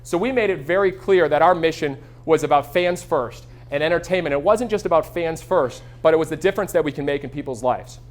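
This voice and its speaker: A man in his thirties giving a live keynote from a stage. He talks quickly, in a slightly raised voice, and tells energetic stories to the crowd. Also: on the high side. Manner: energetic storytelling, acts out quoted voices. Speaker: keynote speaker. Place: stage before a live audience.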